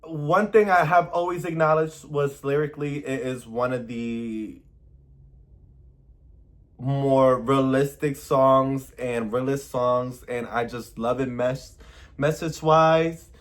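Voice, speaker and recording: A man's voice: mid-range voice, fairly even intonation, slow pace. A man hosting a music reaction video, talking casually and expressively with playful emphasis.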